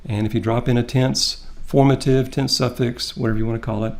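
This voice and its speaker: A man teaching a Greek translation lesson. He explains the grammar step by step and reads the Greek aloud slowly. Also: mid-range voice, fairly even intonation. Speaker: Greek instructor. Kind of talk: classroom lecture.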